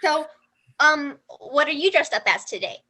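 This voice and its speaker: Woman playing little girl, blunt, childlike, high, bright. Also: animated, normal speed. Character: blunt little girl hosting her party. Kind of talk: improv comedy.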